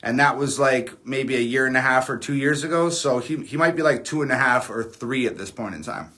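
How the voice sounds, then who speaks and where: A man's voice: mid-range voice, brisk, sharp tone. A man chatting casually on a livestream, rambling and candid with frequent fillers and the odd curse word. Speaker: livestream host.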